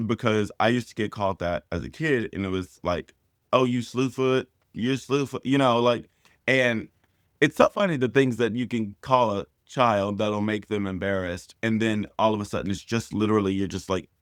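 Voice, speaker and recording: A man's voice: on the low side, moderate pace, clean tone, no echo, studio quality. A man, a drag performer, telling stories in a casual interview and acting out the voices of people he quotes.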